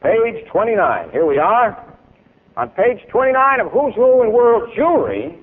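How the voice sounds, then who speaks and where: Man, public speaker, emphatic, declaiming, higher voice, tinny lo-fi archival tape. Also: big pitch swings, unhurried. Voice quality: emphatic, oratorical, declaiming with big swings in loudness. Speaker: speaker at a university event. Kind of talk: public speech followed by questions from the audience.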